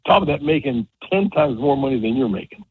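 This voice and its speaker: A man in his seventies, a retired baseball coach, telling stories on a radio show in a rambling, animated way with many restarts. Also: medium pitch, brisk. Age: 70s. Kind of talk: casual radio interview. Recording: tinny phone line.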